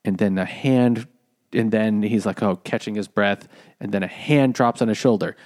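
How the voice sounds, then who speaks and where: A man's voice: fairly low pitch, moderate pace, a little mellow, dry recording, studio quality. A man casually retelling a novel's plot on a book podcast, rambling with lots of fillers. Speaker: podcast co-host.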